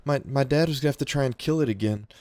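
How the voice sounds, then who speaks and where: A man's voice: medium pitch, fast talker, a little mellow, no echo, pitched above the performer's own voice, lightly acted. A man voicing a nervous, eager young shop boy who stutters constantly.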